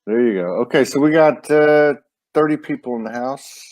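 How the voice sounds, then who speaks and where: A man's voice: medium pitch, moderate pace, darkish tone. Easygoing male live-show host. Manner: easygoing, teasing, stumbles and restarts. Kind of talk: casual live-stream hosting.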